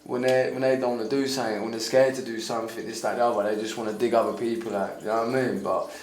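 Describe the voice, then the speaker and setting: Bloke rambling fast, echoey room, bit of noise behind. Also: male voice, medium pitch, little pitch movement. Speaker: podcast host. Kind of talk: casual chat.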